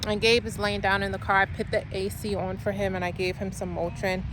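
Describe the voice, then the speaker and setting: A woman talks loosely to her phone camera while out running errands, filling her sentences with little ums and likes. Her voice sits in an ordinary middle range. Car and street noise hums clearly underneath. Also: medium pitch, little pitch movement, fairly quick. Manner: chatty, rambling with many fillers. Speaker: vlogger and foster mom. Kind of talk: casual vlog chat. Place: in and around a car, outdoors. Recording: noisy outdoor and car ambience.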